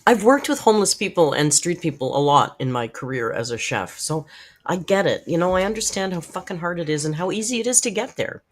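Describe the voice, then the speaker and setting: Lively, frank, swearing middle-aged woman. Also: on the low side, fairly quick. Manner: frank, profane, chatty, talks straight to viewers in the chat. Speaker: live-stream host reacting to videos. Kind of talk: casual live-stream commentary.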